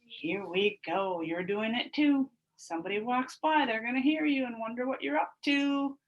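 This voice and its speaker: A woman's voice: on the high side, normal speed, dull audio. A woman teaching a recorded phonics lesson to first graders, encouraging and sounding out each syllable.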